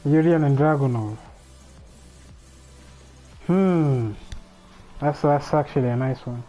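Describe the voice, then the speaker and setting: A man's voice: mid-range voice, steady tone, fairly quick, dark tone, soft background music, rough recording. A man hosting a casual livestream alone, thinking aloud in a rambling way with frequent restarts. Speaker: livestream host. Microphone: streaming microphone.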